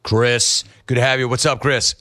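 A middle-aged man hosting a sports talk radio show, riffing lively on callers and the news. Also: mid-range voice, normal speed. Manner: lively, riffing, mock-quoting callers and family.

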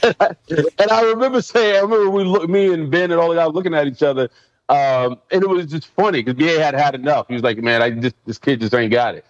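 A former NFL player tells stories in a laid-back interview, his voice slightly high and a bit quick, with no echo on the dull, lo-fi recording. He's animated and acts out what other people said, raising his voice for the quotes.

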